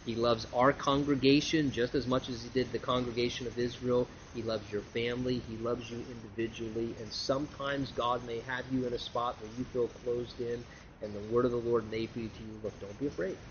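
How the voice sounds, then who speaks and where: A male pastor preaching a sermon in an animated way, acting out quoted voices with big pitch swings. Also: a little fast. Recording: muffled, lo-fi sound with faint background noise.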